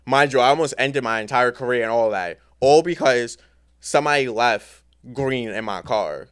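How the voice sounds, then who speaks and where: A laid-back man talking as a podcast guest in casual chat. His voice is smooth and clean at a middle pitch. He tells his story in loose, slangy phrasing. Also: moderate pace, fairly bright tone.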